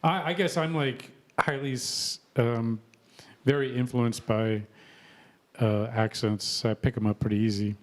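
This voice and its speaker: A chatty man in his fifties hosts a laid-back live-stream interview, joking and laughing between questions. He grew up in Texas, and his voice sits at an ordinary middle pitch. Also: fairly even intonation, measured pace. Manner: laughs often, chatty and punchy. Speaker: host.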